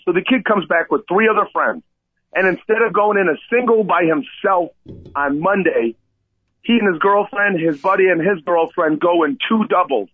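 A man co-hosting a talk radio show, telling a rescue story in an animated way and often asking "okay?". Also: a little high, moderate pace, dry recording. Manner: excitable, repeats "okay?" and addresses Coach. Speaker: radio co-host and kayak tour operator. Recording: tinny phone-line sound, dry.

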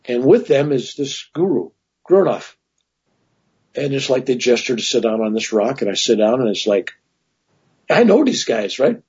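A man tells a long personal story in a very husky, breathy voice, circling back with restarts and asides. His pitch sits in an ordinary middle range. The recording sounds dull and lo-fi. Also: darkish tone. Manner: rambling, with frequent restarts and asides. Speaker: guest telling a personal story. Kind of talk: casual spoken storytelling.

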